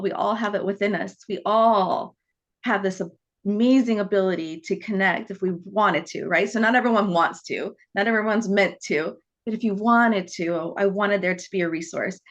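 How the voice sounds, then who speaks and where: On a podcast, a psychic medium in her forties animatedly tells her story and acts out the dialogue. Her pitch is medium, her speed normal, and the audio sounds dull.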